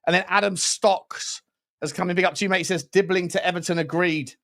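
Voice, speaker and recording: A chatty man hosts a casual live-stream football chat, joking with his co-host and reading out viewer messages. His voice sits a little higher than most men's. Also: fairly even intonation, a little fast, pushed and bright. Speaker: podcast host.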